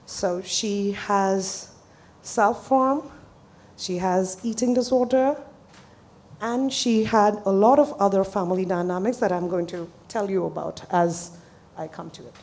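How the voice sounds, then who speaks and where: Mellow-voiced woman therapist presenting a case. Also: mid-range voice, unhurried.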